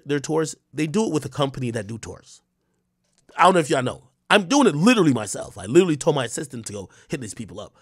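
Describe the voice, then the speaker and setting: A man's voice: fairly high pitch, dry recording, studio quality. A young man ranting to his livestream viewers, agitated, swearing and stumbling over restarts. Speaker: live streamer. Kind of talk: casual livestream rant.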